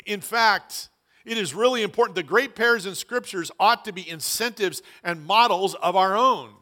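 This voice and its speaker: A man's voice: high voice, normal speed, sharp tone. A man preaching a sermon as pastor, earnest and emphatic, often repeating phrases for weight.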